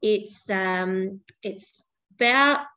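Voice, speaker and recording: Woman panelist, relaxed and conversational, muffled lo-fi audio. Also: medium pitch. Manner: easygoing, with filler pauses. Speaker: tourism manager on a remote farm. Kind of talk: webinar panel answer.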